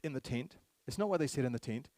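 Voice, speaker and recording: A man's voice: medium pitch, lively intonation, fast, darkish tone, no room sound. A man giving a public speech to a live audience, emphatic, repeating key phrases and firing rhetorical questions at the crowd. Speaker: speaker at a public meeting.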